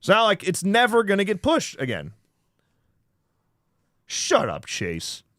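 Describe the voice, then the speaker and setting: A man hosting a casual livestream, ranting profanely about a failed stream, swinging from mutters to shouts. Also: sits high, huge pitch swings, measured pace, dry recording, studio quality. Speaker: livestream host.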